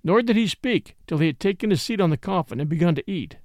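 A man narrating a classic adventure story as an audiobook, in an expressive storytelling manner. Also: sits high, fast, no echo, studio quality. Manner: expressive storytelling with varied character voices. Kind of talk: audiobook reading.

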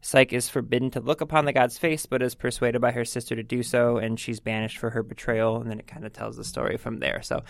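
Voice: medium pitch, level tone, fast talker, gravelly, few pauses. A speaker in a casual group chat about books, chatty and teasing, with many fillers. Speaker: book discussion co-host.

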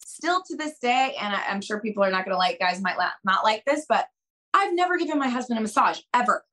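Her intonation is lively and her voice a bit bright as this dating coach, guesting on a podcast, speaks straight to her audience. She stresses key points, plays out dialogues with big leaps in pitch, and moves between fast bursts and slow, emphatic stretches. The recording quality is low.

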